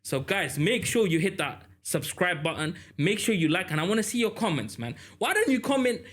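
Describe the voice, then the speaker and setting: A man co-hosting a podcast, chatting casually and telling animated stories. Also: high voice, fairly quick. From London. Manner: animated storytelling, lots of fillers. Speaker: podcast co-host. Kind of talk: casual chat.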